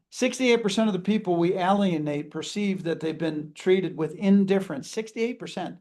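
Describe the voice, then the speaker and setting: A man's voice: high voice, moderate pace, a little mellow. A man leading a customer service training seminar, speaking energetically and acting out sample greetings.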